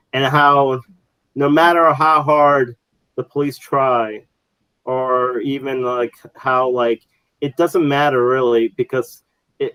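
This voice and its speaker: Male podcast co-host, mid pitch, dry close mic, loose rambling delivery with lots of fillers. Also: fairly bright tone, clear, resonant tone, no echo, poor audio. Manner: rambling, many fillers and restarts. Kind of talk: casual chat.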